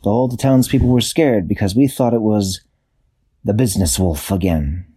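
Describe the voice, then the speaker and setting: A man's voice: fairly low pitch, moderate pace, warm tone, a little hiss or hum, close to an everyday voice. A man voicing a stiff, formal, friendly male tin soldier in a bedtime story.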